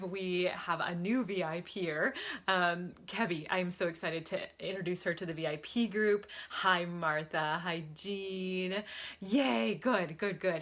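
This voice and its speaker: A woman's voice: on the low side, a bit bright. A woman hosting a live stream as a spiritual advisor, greeting viewers in a gushing, effusive way and repeating her words over and over. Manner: bubbly, exclaims often.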